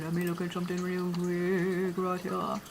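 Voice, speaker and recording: A woman's voice: lowish voice, completely flat delivery, moderate pace. A young woman hosting a casual livestream, chatting in a rambling, loose way and cursing now and then. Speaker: livestream host, astrology reader.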